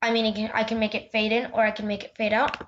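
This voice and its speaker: A chatty woman with a slightly high voice talks through a software tutorial in a loose, unscripted way, leaning on "yeah" and small restarts. A faint hiss sits under the computer mic. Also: completely flat delivery, quick pace, highs cut off. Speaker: tutorial host. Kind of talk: casual screen-recorded tutorial.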